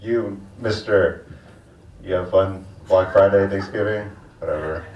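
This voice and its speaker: Deep-voiced young comic, crude and slangy. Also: male voice, unhurried, crowd noise. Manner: laid-back, crude, slangy delivery. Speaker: stand-up comedian. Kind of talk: stand-up comedy set. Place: comedy club stage. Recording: dull, distant, echoey club recording.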